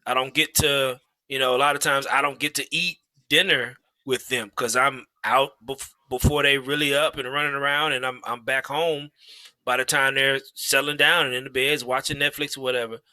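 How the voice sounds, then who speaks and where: A man in his thirties, a father telling a story in a relaxed way during a casual podcast chat, with lots of fillers and restarts. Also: mid-range voice, moderate pace, no room sound.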